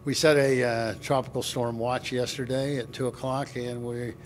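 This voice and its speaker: Male forecaster, measured, filler-heavy storm update, faint background rumble. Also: level tone. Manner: measured, halting with many fillers. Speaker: weather service forecaster.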